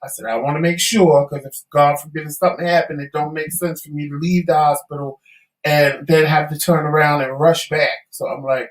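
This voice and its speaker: A man's voice: a little high, steady tone, fairly quick. A man co-hosting a talk show, telling a story casually and acting out the voices of the people in it. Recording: echoey room.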